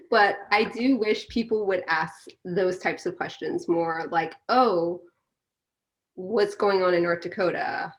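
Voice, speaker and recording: A woman's voice: fairly low pitch, fairly bright tone. A woman guest in a casual interview, speaking candidly and telling stories with animation.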